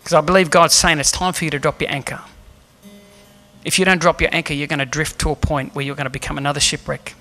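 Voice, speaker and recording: A man's voice: a little high, level tone, quick pace, bright, forceful tone, faint music behind. A man preaching a sermon as pastor in a church, earnest and emphatic, asking the room rhetorical questions. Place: church hall.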